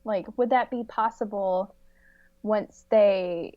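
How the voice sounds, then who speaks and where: A woman's voice: mid-range voice, takes it slowly, no echo. A woman guesting on a podcast, chatting animatedly with frequent laughs and hedging fillers. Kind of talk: casual chat. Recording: slightly dull lo-fi audio.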